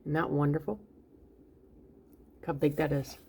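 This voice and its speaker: A woman with a low voice talks through her home baking in a relaxed, chatty vlog style. Her voice has a gravelly, creaky edge. She speaks encouragingly and directly to her viewers. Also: normal speed, slight background noise. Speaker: baking channel host. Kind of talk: casual cooking vlog talk.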